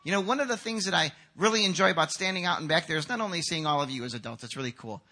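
A man preaching a sermon as pastor, animated and acting out quotes. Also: fairly high pitch, rapid-fire. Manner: animated, acts out quotes with shouts. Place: church hall.

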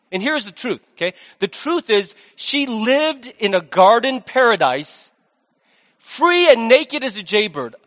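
A male pastor preaching a sermon in a lively, conversational way with jokey asides, in a large church hall. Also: sits high. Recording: long hall reverb.

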